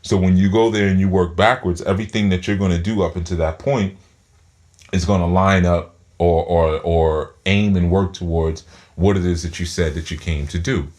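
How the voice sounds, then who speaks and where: Man with a very low voice, spiritual teacher, talks through clenched teeth, rambling. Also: steady tone, normal speed, darkish tone. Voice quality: speaks through his teeth. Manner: rambling, repeats words while thinking aloud.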